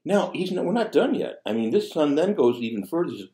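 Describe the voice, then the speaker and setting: A man's voice: fairly high pitch, big pitch swings, fast talker, hardly any pauses, dark tone. A man preaching a sermon as a priest, speaking conversationally and tossing in rhetorical asides. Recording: echoey room.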